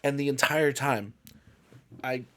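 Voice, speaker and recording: A man co-hosting a casual podcast, talking in an animated way and laughing often as he retells a story. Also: mid-range voice, slow pace. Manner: animated, laughing, jumps into shouted impressions.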